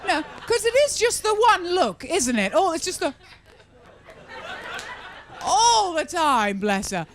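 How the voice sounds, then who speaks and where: A woman's voice: very high voice, big pitch swings, slow, a little hiss or hum. A woman performing a stand-up comedy set at a live venue, chatty and sarcastic, teasing the crowd.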